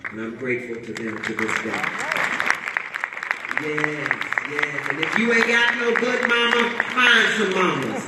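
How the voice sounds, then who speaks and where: A woman's voice: sits low, very noisy. A woman author with a sassy, preachy manner, teasing and bantering with an audience at a book talk. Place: carpeted event room with an audience. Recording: echoey hall, voice picked up from far off.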